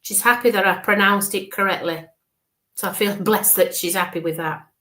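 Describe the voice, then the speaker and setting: A woman working as a spiritual medium during a live online reading. She describes what she sees slowly, repeats herself and checks in often with a soft, reassuring "okay". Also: mid-range voice, steady tone. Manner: describes visions slowly, checks in with frequent okays.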